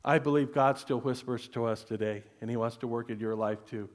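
A male pastor preaching a sermon, telling a personal story in an earnest voice that often drops to soft, hushed tones. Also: medium pitch, fairly even intonation, brisk.

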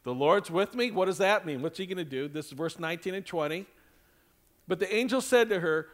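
A male pastor preaching a sermon in a conversational style, with lively asides and acted-out quotes. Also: fairly high pitch, fairly quick.

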